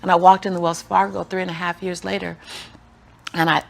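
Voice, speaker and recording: A woman giving an interview, telling a motivational story. She is animated and laughs often, acts out the people she quotes, and builds her message through repetition like a preacher. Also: lowish voice, brisk, vocal fry, slight background noise. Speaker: interview guest.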